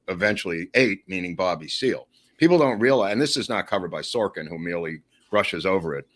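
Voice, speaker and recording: A man telling a long story in a casual podcast chat, animated and digressive, often acting out the quotes he tells. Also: low voice.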